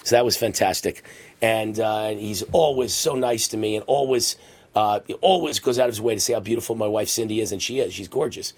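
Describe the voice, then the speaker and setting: A middle-aged man hosting a radio and TV talk show, boastfully telling stories and acting out shouts in a husky voice. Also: a little fast. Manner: boastful storytelling, acts out shouting with rising pitch. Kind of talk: conservative talk radio monologue.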